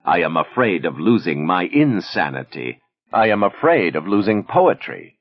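A man voicing a wry, defiant Soviet woman poet who speaks in a dry, ironic, measured way at a reading. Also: fairly low pitch, breathy edge, exaggerated voice. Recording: dull lo-fi recording.

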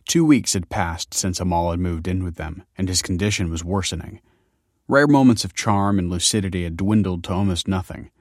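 Man, audiobook narration, very deep voice, dry close sound, steady measured reading. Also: no echo. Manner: measured, even storytelling delivery. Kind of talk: scripted narration.

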